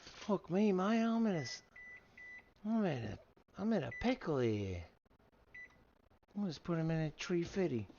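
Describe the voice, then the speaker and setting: A man's voice: high-pitched, big pitch swings, unhurried, pauses often, a little mellow. A man chatting casually to himself while cooking, drawling and swearing as he goes. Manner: drawling, profane, talks to himself. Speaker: gaming streamer. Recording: dull, noisy home recording.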